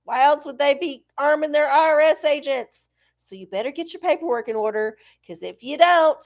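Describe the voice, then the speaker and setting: Woman, fairly high voice, casual livestream host, blunt and salty, rambling asides. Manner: chatty, blunt and profane, with drawn-out asides. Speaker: host of a live oracle stream.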